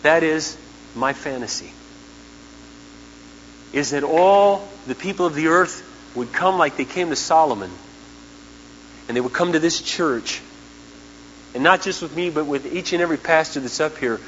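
A man preaching a sermon as pastor, impassioned, swinging from hushed lines to shouting ones, in a large church auditorium over the sound system. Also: on the high side, moderate pace, pauses often. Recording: dull 1990s church tape with hall echo and hum.

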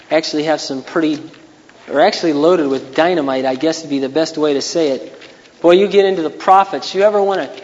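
A man preaching a sermon in an earnest way, now and then rising into loud, raised passages. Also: fairly high pitch, in a large hall, dull audio. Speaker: pastor.

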